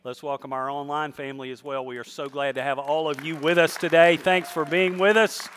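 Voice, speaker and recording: A man's voice: a little high, little pitch movement, brisk, a bit bright, a little hiss or hum. A middle-aged man, a pastor telling a funny story from the pulpit to his congregation during a church service. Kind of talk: sermon.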